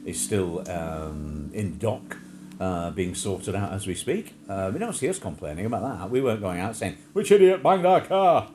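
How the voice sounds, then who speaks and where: A man chatting casually on a live stream, rambling and joking, often mimicking people in a high shrill voice. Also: expressive, moderate pace, darkish tone, a little hiss or hum. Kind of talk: casual chat.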